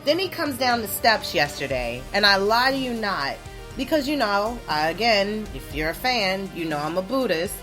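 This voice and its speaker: Woman podcast host in her thirties, lively swooping pitch, loose and profane, faint music bed. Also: moderate pace. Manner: profane, animated storytelling with mocking quoted voices. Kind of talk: casual explicit monologue.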